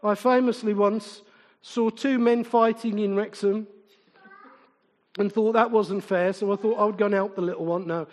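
A man's voice: sits high, fairly even intonation, moderate pace. A middle-aged man preaching a conversational sermon. He keeps asking his listeners questions and slips into humorous stories. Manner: informal and chatty, asks the congregation repeated questions, tells humorous anecdotes. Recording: long reverb in a large hall.

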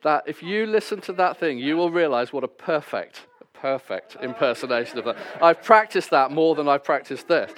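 A man's voice: a little high, expressive, normal speed, few pauses, a bit bright, a little hiss or hum. A man preaching a sermon, reading scripture passages and then explaining them with wry, self-deprecating asides.

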